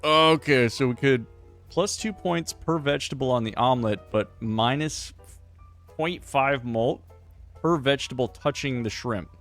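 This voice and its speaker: A man's voice: medium pitch, a little slow, a bit bright, soft background music. A man commenting playfully on a game he is playing live, thinking aloud and slipping into silly voices. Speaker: game streamer.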